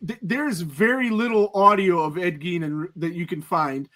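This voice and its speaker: A male podcast host with a notably high voice. He talks through his points calmly in relaxed conversation. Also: normal speed. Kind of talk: casual interview chat.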